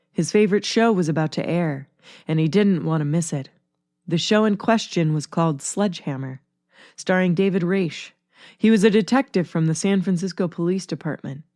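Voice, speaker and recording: A woman narrating a chapter of a story in a steady, measured way. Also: on the low side, no room sound, clean studio sound. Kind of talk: storybook reading.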